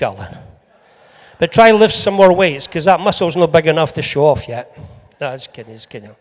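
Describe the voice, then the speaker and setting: A man preaching a sermon to a congregation in a lively, joking way, swinging between loud bursts and soft asides. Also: a little high. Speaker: pastor. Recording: long hall reverb.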